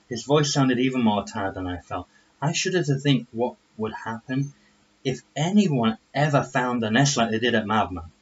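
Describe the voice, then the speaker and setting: A man reading aloud his own fantasy short story in the first person, with halting slips and restarts. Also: medium pitch, animated, breathy edge, dull audio. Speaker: amateur reader of his own stories.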